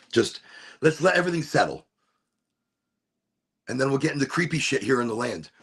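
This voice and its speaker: A man's voice: mid-range voice, sing-song, fairly quick, pauses often, fairly bright tone, husky. A man hosting his own podcast, chatting casually from home in a rambling, laid-back way, often cutting himself off mid-sentence. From Florida. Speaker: podcast host. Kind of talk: casual solo chat. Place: home room with window cracked.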